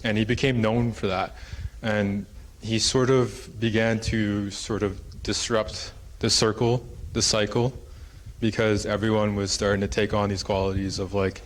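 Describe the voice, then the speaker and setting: A man's voice: lowish voice, little pitch movement, measured pace. A man presenting at a conference, telling a traditional story in a casual, rambling way with many fillers. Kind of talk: oral storytelling in a conference talk. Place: conference hall.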